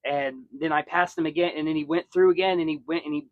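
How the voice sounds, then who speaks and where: A man's voice: a little high, fairly even intonation, fast talker, no echo. Rambling young man, dull dry sound. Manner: rambling, lots of restarts and fillers, storytelling with quoted voices. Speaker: podcast host. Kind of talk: casual chat.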